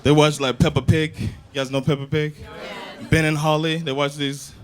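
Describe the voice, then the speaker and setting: A man doing loose, animated stand-up comedy on a club stage into a handheld mic. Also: a little high, normal speed, crowd noise. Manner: loose, animated, acts out scenes. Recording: live club, audience laughter.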